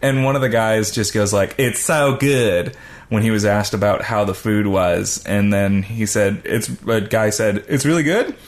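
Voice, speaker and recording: A man's voice: on the low side, steady tone, normal speed, hardly any pauses. A young man co-hosting a casual podcast, rambling and joking with lots of fillers. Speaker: podcast co-host.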